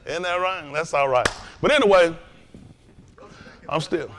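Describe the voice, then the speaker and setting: A man hosting a casual lesson stream. He tells stories in an animated, laughing way. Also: a little high, measured pace, a little hiss or hum. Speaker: host and teacher. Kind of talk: casual joking lesson talk.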